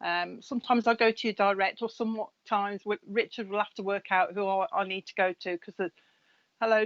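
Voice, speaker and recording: A middle-aged woman, a spiritual medium chatting casually on a live stream, reading out viewers' names in a friendly, gossipy way. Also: mid-range voice. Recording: slightly dull lo-fi live-stream audio.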